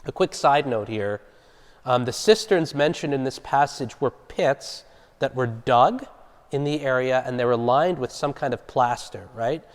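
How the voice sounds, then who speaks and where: A man of ordinary pitch leads a Bible study, explaining the passage in a relaxed, conversational way and stopping to quiz his listeners. His voice rings with the long reverb of a large church hall. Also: unhurried. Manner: conversational, explaining and asking the group questions.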